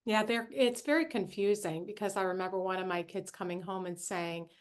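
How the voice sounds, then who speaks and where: A woman's voice: medium pitch, fairly even intonation, brisk. Conversational woman podcast host. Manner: attentive, conversational. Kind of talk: podcast interview.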